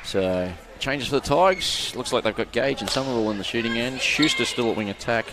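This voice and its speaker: A man's voice: medium pitch, lively intonation, over a noisy crowd. A man calling a live netball game as play-by-play commentator, chatty and jokey. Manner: chatty, jokey, quick to laugh. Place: outdoor netball court. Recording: noisy court ambience behind.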